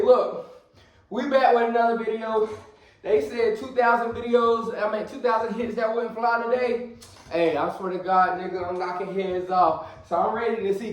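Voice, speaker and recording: A man riffs loudly over the footage, hyped and full of slang. His voice sits very high. The room around him rings with heavy echo. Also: recorded from a distance. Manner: loud, slangy, hyped, talks over the video. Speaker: reaction video host. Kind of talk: casual reaction commentary. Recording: very echoey room.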